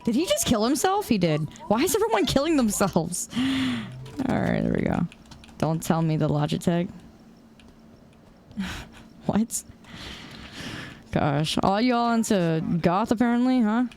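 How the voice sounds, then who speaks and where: A woman's voice: on the high side, sing-song, a little slow, long pauses, darkish tone, a little hiss or hum. A young woman streaming a shooter game, chatting casually with her chat and laughing often. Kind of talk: casual chat while gaming.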